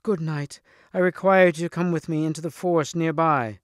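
An urgent young noblewoman messenger pleads in a high, insistent voice, as a man reading the story puts her on. The sound is dry and close, with no room around it. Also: fairly even intonation, moderate pace, no room sound, natural voice.

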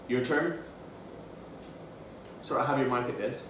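A man teaching a children's phonics lesson in a playful, animated way. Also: medium pitch, over music. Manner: playful, animated, slow and drawn out for young learners. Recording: echoey room, mic at a distance, faint background noise.

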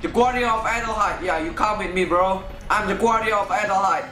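A man hosting a let's play, excitable and swearing constantly, with loud panicked outbursts. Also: sits high, brisk. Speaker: gaming channel host. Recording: roomy room sound with faint game music. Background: faint game music.

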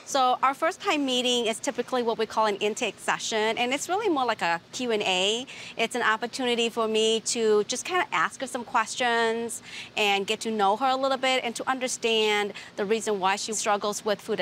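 A woman therapist asking questions calmly and patiently during an intake session. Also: on the high side, fairly quick, slight background noise.

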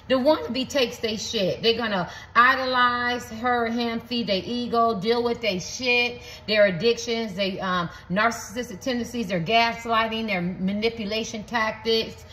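A woman's voice: a little high, a bit bright, slight background noise. A woman giving a rambling, blunt reading to her viewers in a casual, repetitive way, swearing now and then. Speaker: tarot reader. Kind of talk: casual spoken reading to camera.

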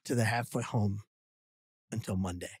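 Husky-voiced man telling a lively story. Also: fairly low pitch, normal speed, dry recording, studio quality. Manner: animated storyteller, acting out quotes. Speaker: guest. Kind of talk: storytelling in a podcast interview.

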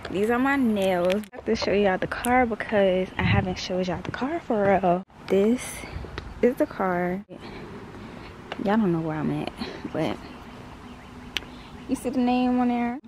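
A woman's voice: medium pitch, a little slow, long pauses. A woman in her late teens talking casually to her phone camera in a vlog, chatty and often dropping to a whisper. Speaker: vlogger. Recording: noisy phone recording.

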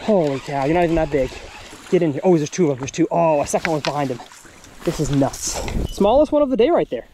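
A man, hosting a fishing vlog from a boat outdoors, excitedly exclaiming and talking to the fish as he catches them. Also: a little high, fast, noisy background. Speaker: fishing channel host.

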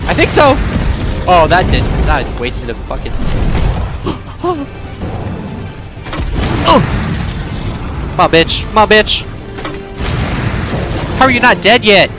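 Excitable high-voiced man gaming, swearing. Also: takes it slowly, pauses often. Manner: excitable, swearing, yelping reactions. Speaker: gaming streamer. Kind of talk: let's play commentary. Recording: game sounds and music behind voice.

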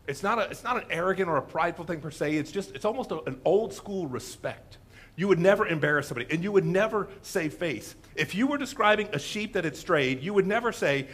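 A male pastor preaching a sermon, telling the story with animated voices and asking the congregation questions. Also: high-pitched. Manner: animated storytelling, acts out quoted speakers, asks the room questions. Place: church sanctuary.

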